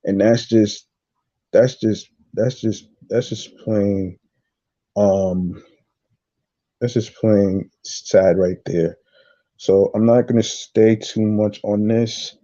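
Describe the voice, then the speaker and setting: Slow, dark-voiced man hosting a podcast. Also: on the low side, fairly even intonation, highs cut off. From New York. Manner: halting, repeats words, reacts with asides. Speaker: podcast host. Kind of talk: casual solo podcast, reading news aloud.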